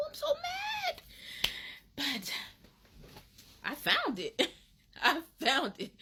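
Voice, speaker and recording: A woman from Alabama, telling a casual storytime in an animated, dramatic way with laughs. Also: medium pitch, breathy edge. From Alabama, USA. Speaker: vlogger.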